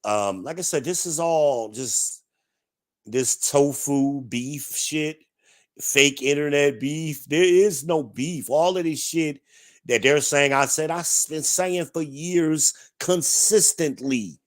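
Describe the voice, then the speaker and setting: A man's voice: on the high side, slow pace. A man from New Jersey hosting a livestream, ranting to his chat in a blunt, profane, combative way. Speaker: livestream host. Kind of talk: ranting live-chat commentary.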